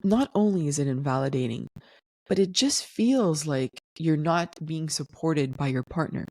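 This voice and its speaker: A woman hosting a solo podcast, explaining things in a calm, teaching tone. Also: deep voice, moderate pace, no room sound, studio quality. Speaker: podcast host.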